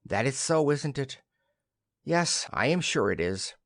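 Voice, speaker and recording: A man's voice: medium pitch, very animated, a little slow, a bit bright, dry recording, clean studio sound. A man voicing a patronizing middle-aged husband who scolds and talks down to his wife. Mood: condescending. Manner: scolding, condescending.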